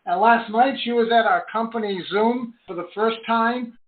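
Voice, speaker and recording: A middle-aged man, an online business coach, telling a story in earnest on a live conference call, his voice rising high when excited. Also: moderate pace. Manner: earnest storytelling, swings between low and high excited pitch. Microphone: phone call line. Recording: tinny phone line.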